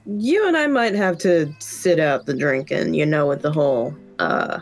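A woman's voice: low-pitched, very animated, normal speed, gravelly. A woman playing a tabletop game, joking playfully with the group. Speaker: player. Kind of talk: tabletop role-play.

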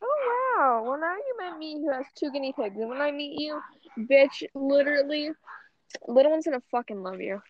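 A young woman co-hosting a podcast sounds very animated, her high voice moving at a moderate pace in a dry recording. The audio is dull and lo-fi, and her casual rambling is peppered with swearing and constant "like."

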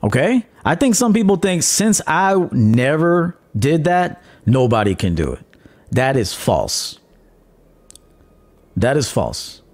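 A man hosting his own podcast as a dating coach, talking bluntly and profanely, mocking others and laughing at his own jabs. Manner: mimics commenters in a high mocking voice. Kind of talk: blunt monologue.

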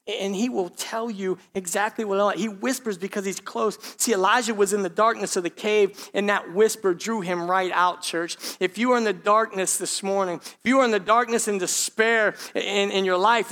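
High-voiced pastor preaching. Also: male voice, steady tone, normal speed, few pauses. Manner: swings between hushed and loud, addresses the congregation as church. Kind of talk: sermon.

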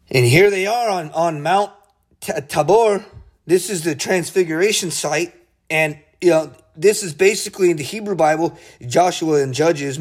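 Excitable husky-voiced man teaching the Bible. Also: on the high side. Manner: excited, laughs often, restarts sentences. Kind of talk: casual Bible study talk.

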